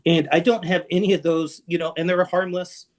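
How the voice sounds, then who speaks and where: Fairly quick and high-voiced, a middle-aged Seattle-area man appears as a guest on an interview podcast. Frank and self-deprecating, he discusses his past, dropping in lively asides.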